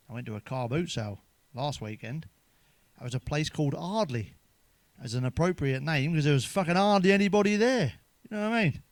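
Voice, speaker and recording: A stand-up comedian with a fairly high-pitched male voice, recorded dry, tells crude jokes in a chatty, profane way and finishes with tag questions.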